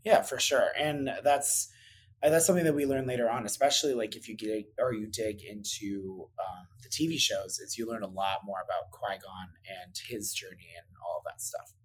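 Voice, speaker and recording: A man's voice: fairly low pitch, moderate pace, husky. A man co-hosting a casual film podcast, talking animatedly and doing mocking impressions. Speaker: podcast co-host. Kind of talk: casual chat about films.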